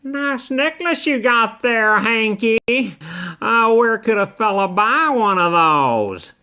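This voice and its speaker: A man's voice: high voice, lively intonation, slow, bright, forceful tone, smooth, pitched above the performer's own voice, heavily acted. A man voicing a smug, lazy male barn cat in a storybook reading, sly and mocking. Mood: taunting.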